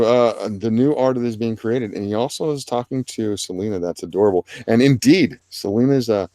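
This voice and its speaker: A man's voice: on the low side, normal speed, mellow, dry recording. A man hosting a casual art livestream, rambling and joking about the chat and the artists. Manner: joking, rambling, self-deprecating. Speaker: livestream host.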